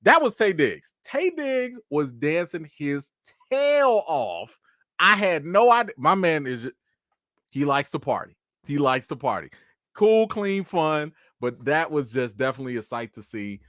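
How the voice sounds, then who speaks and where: A man hosting a casual live chat, telling stories in an animated, slangy way and talking straight to his viewers. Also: on the high side, a little slow, no echo, studio quality. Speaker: host.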